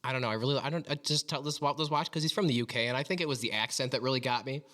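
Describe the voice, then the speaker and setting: Fast-talking man rambling through a story. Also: mid-range voice, steady tone, bright, forceful tone. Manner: rambling, tangent-prone storyteller. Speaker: podcast co-host. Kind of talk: casual chat.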